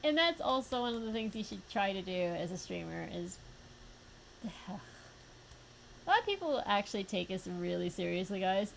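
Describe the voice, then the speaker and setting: A young woman streaming a fighting game, reacting with quick yelps, groans and laughs between plain remarks. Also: mid-range voice, very animated, gravelly, slight background noise. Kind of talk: live gameplay commentary.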